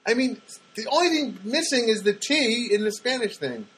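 Husky, animated man rambling. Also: very high-pitched, moderate pace, rough recording. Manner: chatty, excitable, repeats himself, acts out voices. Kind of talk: rambling monologue.

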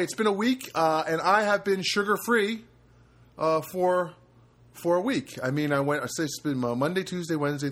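A man's voice: mid-range voice, fairly bright tone. A man hosting a casual solo podcast from a studio apartment, rambling and self-deprecating, with many fillers and restarts. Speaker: podcast host.

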